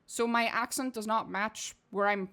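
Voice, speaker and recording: A woman from Portugal streams casual game commentary in English. Her accent drifts between posh British and American, and her voice sits a little high. She reads game text aloud and rambles with plenty of swearing. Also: steady tone, normal speed, pushed and bright. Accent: mixed British and American English.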